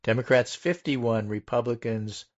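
A man's voice: mid-range voice, a little slow. A man hosting a casual political talk show, running through poll numbers with emphasis. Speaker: political podcast host. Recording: dull lo-fi audio.

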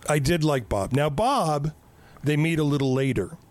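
Man with a fairly high voice, rambling profanely. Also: normal speed. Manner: rambling, profane, joking storytelling. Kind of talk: casual chat recapping a movie.

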